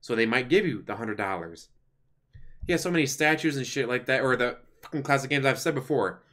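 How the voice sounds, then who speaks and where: A man's voice: mid-range voice, expressive, fairly quick, a bit bright. A man hosting a reaction stream, making mocking, sarcastic remarks over a clip.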